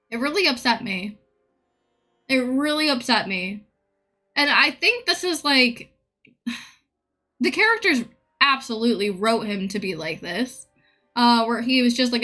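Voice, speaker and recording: A woman's voice: a little high, bright, forceful tone. A woman streamer in a casual live-stream rant, blunt, profane and opinionated.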